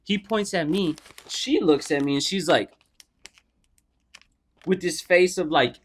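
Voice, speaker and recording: On a podcast, a young male co-host casually spins a profane story, animatedly acting out the people involved. His voice sits high and his pace is a little slow.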